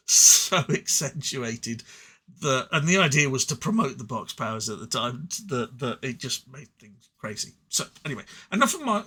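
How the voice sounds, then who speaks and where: The voice is male, mid-range, bright, and forceful with a breathy edge. He's an Englishman with an English accent doing a casual solo review of card game cards, rambling and self-deprecating, and stumbling into stuttered restarts.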